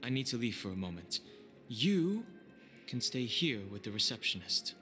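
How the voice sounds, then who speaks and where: Man voicing a calm reserved companion. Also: medium pitch, normal speed, soft background music.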